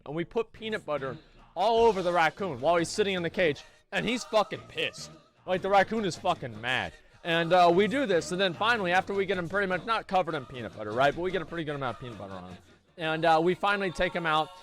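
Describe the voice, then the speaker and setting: A man's voice: a little high, expressive, fast, fairly bright tone, faint music behind. Rambling, profane American man. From United States. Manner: rambling, profane, many fillers. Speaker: streamer. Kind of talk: casual storytelling.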